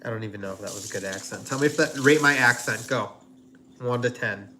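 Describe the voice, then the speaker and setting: A man's voice: medium pitch, fast, pushed and bright, a little hiss or hum. A man hosting a casual cooking livestream from his home kitchen, rambling and chatty with lots of fillers. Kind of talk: casual live-stream chat.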